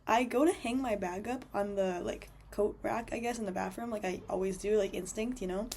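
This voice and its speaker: A woman's voice: medium pitch, fairly quick, darkish tone, slight background noise. A young woman telling a travel story as a voice-over, chatty and full of fillers. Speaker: travel vlogger.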